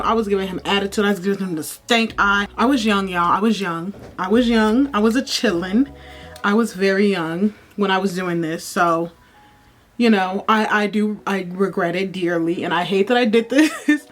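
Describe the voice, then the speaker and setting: A woman's voice: medium pitch, normal speed, soft background music. A young woman vlogging, chatting casually and telling a childhood story while doing her makeup, often calling the viewers y'all. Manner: chatty, repeats herself, addresses viewers as y'all.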